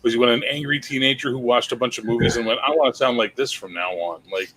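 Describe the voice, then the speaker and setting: A man's voice: medium pitch, fast talker, fairly bright tone, slight background noise. A man as a podcast guest in casual chat, sarcastic and jokey. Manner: sarcastic, jokey, mock voices.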